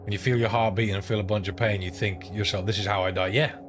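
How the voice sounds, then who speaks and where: Talking fast in a lowish voice, a man streams a game and launches into a long story, rambling and cursing as he chats. Steady background noise sits under the recording.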